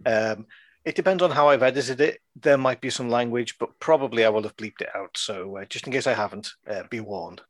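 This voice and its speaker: A man's voice: medium pitch, fairly quick, no echo. A British man hosting a podcast in casual chat, rambling and joking and laughing often. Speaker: podcast host.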